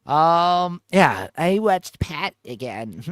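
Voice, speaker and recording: A man chats on a livestream in a crude, joking, rambling way. His voice sits a little high and swings widely in pitch. The sound is dry and close. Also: very animated, drawn-out words, a bit bright, no echo, faint music behind. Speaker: livestream host. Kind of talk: casual livestream chat.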